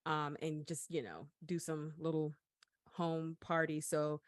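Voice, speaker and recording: A woman's voice: deep voice, level tone, slow, no echo, studio quality. A woman co-hosting a podcast, talking in a casual, chatty way with frequent fillers and restarts. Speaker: podcast co-host. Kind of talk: casual chat.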